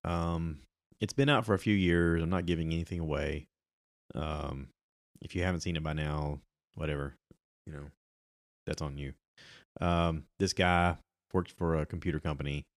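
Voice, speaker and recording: A man's voice: a bass voice, fairly even intonation, normal speed, pauses often, dry recording, studio quality. A middle-aged man chatting casually on his own about movies and podcasts, rambling with many ums and restarts.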